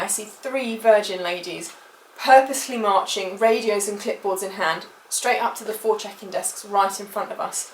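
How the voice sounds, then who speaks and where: A woman's voice: medium pitch, a little hiss or hum. A British woman telling a personal travel story for her vlog, emotional and rambling with many fillers. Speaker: vlogger. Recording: echoey room, mic at a distance.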